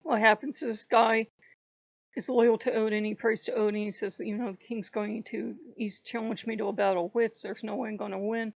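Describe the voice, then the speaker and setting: A woman hosting a casual spiritual vlog, telling a rambling, animated story and laughing often. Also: mid-range voice, a little fast, gravelly, no echo. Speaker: channel host. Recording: dull lo-fi dry recording.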